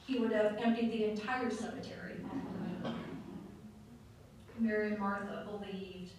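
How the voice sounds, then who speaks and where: Woman preaching in an echoing hall. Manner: earnest, dramatic scripture reading with slow emphatic pauses. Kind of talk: sermon. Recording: echoey room, distant mic, faint rumble.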